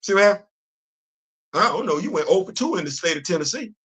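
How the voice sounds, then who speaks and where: High, bright-voiced teasing man. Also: fast talker, husky. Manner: animated, teasing, emphatic. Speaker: host. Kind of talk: comedic live-stream commentary.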